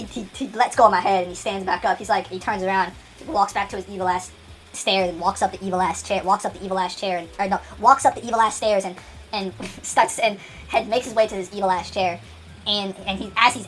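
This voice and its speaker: A woman's voice: mid-range voice, a bit bright. A woman narrating a story casually, rambling with many restarts and dramatic asides.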